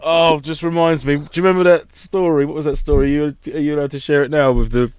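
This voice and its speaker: A man's voice: fairly high pitch, fairly even intonation, fast talker, a little mellow, clean tone, no room sound. A man in casual chat with friends, bantering and swearing. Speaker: podcast co-host.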